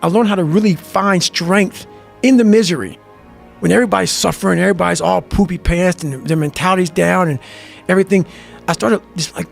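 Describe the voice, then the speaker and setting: A man's voice: sits high, fairly quick, vocal fry. A man telling intense motivational stories in an emphatic, profane, fiery manner. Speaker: guest. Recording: music bed under the voice.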